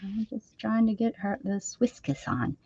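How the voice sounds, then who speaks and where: A woman's voice: mid-range voice, flat delivery, a little slow, gravelly, a little mellow, breathy edge, dry recording, lo-fi sound. A middle-aged woman hosting a crafting stream, chatting casually with frequent laughs and rambling restarts. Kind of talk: casual chat while crafting.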